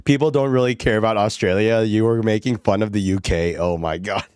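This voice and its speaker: A man's voice: on the low side, a little fast, darkish tone, clear, resonant tone, no echo, studio quality. A male streamer chatting casually while gaming, giggling often and rambling with lots of fillers. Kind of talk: casual livestream chat.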